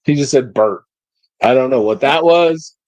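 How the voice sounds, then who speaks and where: A man in his forties co-hosting a podcast, trading jokes in casual banter with a deadpan, teasing streak. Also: medium pitch, normal speed, no room sound. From United States. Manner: joking, teasing, deadpan asides. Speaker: podcast co-host.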